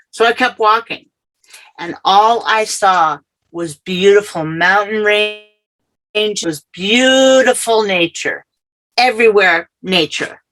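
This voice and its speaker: A middle-aged woman telling her personal story as an interview guest, earnest and halting, often repeating herself. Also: medium pitch, a bit bright, poor audio.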